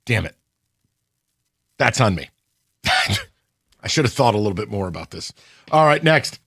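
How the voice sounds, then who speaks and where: A man hosting a sports radio show in a studio, bantering excitably with his co-hosts. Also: medium pitch, husky, no room sound. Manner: excitable, quick banter, whoops when right. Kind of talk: casual sports talk.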